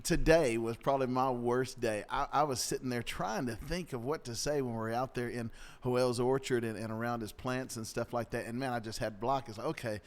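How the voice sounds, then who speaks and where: A man talks to listeners in a relaxed, conversational way, often restarting his sentences and chuckling. His voice sits mid-pitch and comes across plain and easygoing. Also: brisk, few pauses. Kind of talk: casual chat, storytelling.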